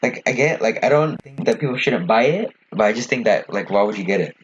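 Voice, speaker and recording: A young man co-hosting a casual podcast chat, talking fast and rambling with lots of fillers and swearing. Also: fairly low pitch, expressive. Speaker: podcast co-host. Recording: dull lo-fi sound with faint noise.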